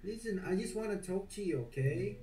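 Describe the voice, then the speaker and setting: A man's voice: high-pitched, expressive, fairly quick, a crowd in the background. A man on a video chat, coaxing and reassuring someone in a casual way. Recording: echoey clip with loud music.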